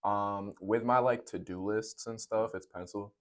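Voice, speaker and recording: A young man, a rapper and producer, talking easily in slang and getting animated when he jokes. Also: fairly low pitch, measured pace. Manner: easygoing slangy talk, animated when joking. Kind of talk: casual chat.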